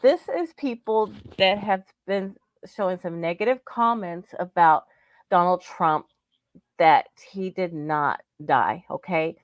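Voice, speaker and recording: A woman's voice: on the low side, expressive, slow pace, dry recording. A woman co-hosting a podcast, delivering an indignant, emphatic rant and swearing freely. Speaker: podcast co-host. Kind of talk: angry on-air rant.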